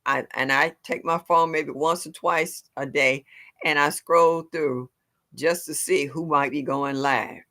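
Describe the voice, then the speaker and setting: A woman's voice: low voice, fairly even intonation, measured pace, a bit bright. A woman hosting a livestream, chatting casually with her viewers and laughing often. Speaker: livestream host. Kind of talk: casual chat with live viewers.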